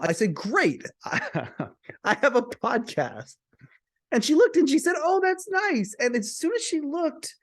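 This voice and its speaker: Man, podcast host, fairly high-pitched, chatty storytelling to camera, repeats himself. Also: a little mellow. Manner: chatty, repeats words and restarts often.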